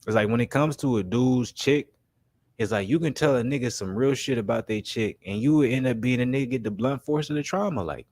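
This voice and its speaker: A young man with a darkish, mid-range voice hosts a livestream of basketball commentary. He chats casually in slang, keeps saying "man" and "you know what I'm saying," and talks his chat through made-up scenarios, voicing friends in quick quotes, all in a laid-back way.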